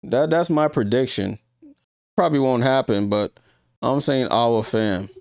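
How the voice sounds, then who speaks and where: A man's voice: medium pitch, measured pace, darkish tone, clear, resonant tone, no room sound, studio quality. A man with a New York accent hosting a live stream, giving casual reaction commentary, thinking aloud and talking to his viewers with hesitant ums. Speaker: livestream host.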